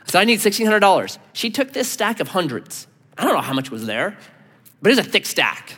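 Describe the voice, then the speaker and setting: A man preaching as pastor, telling stories with animated delivery and acting out the people he quotes. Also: high-pitched, fairly quick, husky. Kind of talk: sermon. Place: church sanctuary. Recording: long hall reverb.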